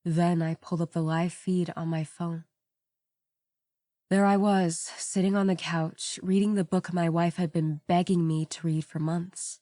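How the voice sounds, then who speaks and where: A woman reading a first-person horror story aloud in a measured, somber storytelling manner. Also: lowish voice, level tone, dark tone, no echo. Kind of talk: scripted narration. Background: faint background music.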